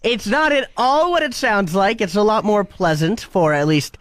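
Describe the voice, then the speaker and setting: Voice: medium pitch, moderate pace, no echo. A podcast co-host chatting casually, teasing and joking. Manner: teasing, jokey, animated. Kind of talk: casual chat.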